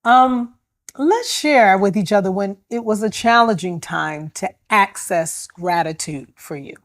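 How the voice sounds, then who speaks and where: A woman's voice: medium pitch, a little slow, dry recording, studio quality. A woman minister hosting a church panel discussion, encouraging and affirming her guests as they talk. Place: church studio.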